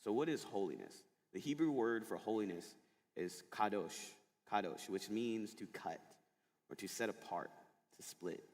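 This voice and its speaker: A man's voice: on the low side, expressive, normal speed, darkish tone. A man giving a sermon to middle school students in a school chapel, chatty and informal, full of fillers as he tells stories. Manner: casual, chatty storytelling with many fillers. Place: large school chapel hall. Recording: long echo of a large hall.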